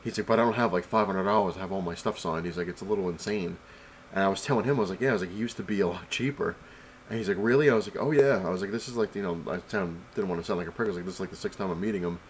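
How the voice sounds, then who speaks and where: A young man with a deep, low voice talks casually at home, rambling through his story with lots of "um" and "I was like." A faint hum of room ambience sits underneath. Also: very fast, low-quality recording. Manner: rambling storyteller, many fillers and "I was like" quotes. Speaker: comic collector vlogger. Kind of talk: casual convention haul recap.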